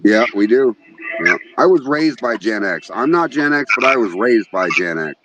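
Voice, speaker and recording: A podcast host runs a casual livestream chat, joking and swearing while he reads names out of the chat. His medium-pitched voice is animated and moves at a normal speed, but the recording is muffled with clear background noise.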